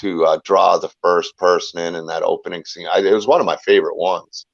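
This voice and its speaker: Low, gravelly man chatting loosely. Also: fairly even intonation, brisk, no echo. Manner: rambling, talkative, full of restarts. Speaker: guest, filmmaker and YouTuber. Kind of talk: casual chat. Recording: dull lo-fi sound.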